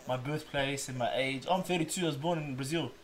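A man's voice: medium pitch, a little fast, slight background noise. A man chatting casually on a podcast, playful and jokey, often repeating his words. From Australia. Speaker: podcast guest. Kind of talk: casual chat.

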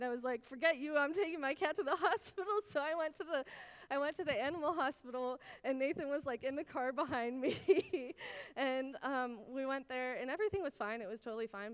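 A woman's voice: a little high, smooth, in a large hall. Earnest young woman teaching Bible study. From Israel. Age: 20s. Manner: earnest and personal, many "like"s, emotional at times.

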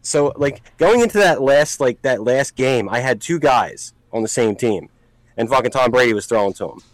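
A man co-hosting a casual podcast, telling a story in a profane, animated way with sudden shouted outbursts. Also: medium pitch, normal speed, no echo, poor audio. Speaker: podcast co-host.

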